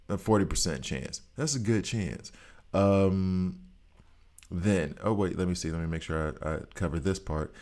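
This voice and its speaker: A man with a low voice walks through a mobile game character in a loose, rambling way. He sounds short on sleep, and a Southern twang creeps into his casual commentary. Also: unhurried, darkish tone. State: tired. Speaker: mobile game guide host.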